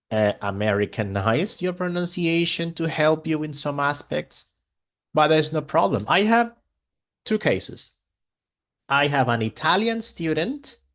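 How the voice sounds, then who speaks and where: A male English teacher, a native Spanish speaker, giving an online class in an enthusiastic, expressive way. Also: mid-range voice.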